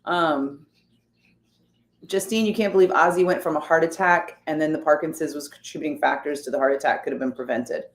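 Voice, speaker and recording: A woman with a deep, low voice talks casually as she reads and answers her viewers' comments. She is wry and sarcastic. The sound is roomy and echoey. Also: fairly quick. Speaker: streamer reading chat. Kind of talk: casual chat. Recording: roomy echo.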